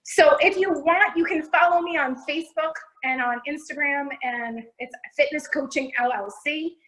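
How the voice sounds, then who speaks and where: Upbeat fitness coach, woman, bright high register, video-call sound. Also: normal speed, low-quality recording. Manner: upbeat, encouraging instructor. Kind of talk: virtual class Q&A.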